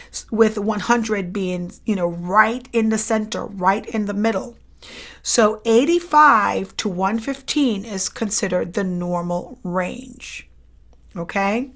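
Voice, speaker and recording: A woman lecturer going over exam questions, repeating each question and answer and checking in with the listener as she goes. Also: medium pitch. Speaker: psychology lecturer. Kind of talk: exam review lesson.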